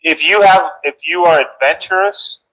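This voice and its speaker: A man's voice: sits high, moderate pace, bright, forceful tone, poor audio. A man from Texas with a Texan accent, playfully chatting as a caller on a livestream. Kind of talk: casual chat on a call.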